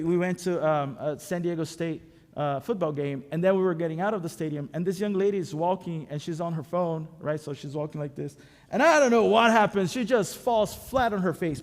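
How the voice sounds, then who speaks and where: A man's voice: high voice, darkish tone. A man preaching as a pastor in a conversational, storytelling way, with self-deprecating humor. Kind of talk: sermon. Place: church sanctuary. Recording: echoey church hall.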